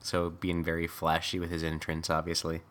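A man's voice: rumbling low, monotone, moderate pace, fairly bright tone. A man co-hosting a podcast, recapping a movie in casual chat and laughing often. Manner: laughs often, mocks the acting. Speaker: podcast co-host.

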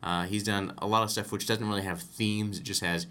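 A man with a fairly low pitch speaks fairly quickly in a steady, bright, forceful tone. Co-hosting a podcast, he discusses a film casually, rambling and self-correcting as he goes, quick to laugh.

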